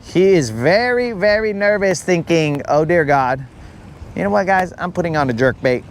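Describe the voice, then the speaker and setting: A man's voice: high-pitched, expressive, slight background noise. A man hosting a live fishing stream from a boat, chatting casually with his viewers and teasing them by name. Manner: joking, talks to viewers by name, drawn-out asides. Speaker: fishing livestream host. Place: on a boat on a lake outdoors.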